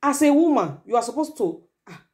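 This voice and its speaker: Nigerian woman vlogger, lecturing advice talk, forceful delivery, voice a touch high. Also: lively intonation, a little fast. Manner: forceful, lecturing, slips into Pidgin. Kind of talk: advice monologue.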